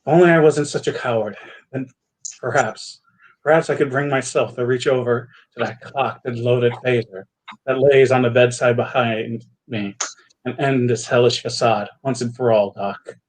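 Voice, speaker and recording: A gloomy ship's doctor turned stand-up comic, played by a man in a tabletop game, delivers bleak lines in a halting, confessional way. His voice sits in a plain middle range. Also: medium pitch, fairly even intonation, a little hiss or hum, natural voice, poor audio. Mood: brooding. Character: gloomy male ship doctor doing stand-up.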